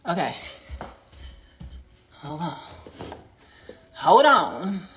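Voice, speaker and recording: A woman's voice: on the low side, sing-song, very slow, fairly bright tone, highs cut off. A woman hosting a casual livestream, talking straight to viewers and chanting affirmations while counting out jump squats. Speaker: livestream host. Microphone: phone.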